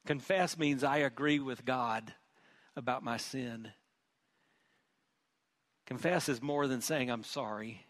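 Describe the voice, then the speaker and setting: A man's voice: mid-range voice, takes it slowly, long pauses, fairly bright tone, dry recording. A middle-aged male pastor preaching a sermon in an earnest, emphatic way, often repeating words.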